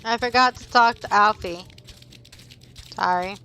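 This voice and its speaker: A woman streaming a video game, giggling, getting excited and croaking frog noises as she plays. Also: mid-range voice, measured pace. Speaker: gaming streamer. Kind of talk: casual gameplay commentary.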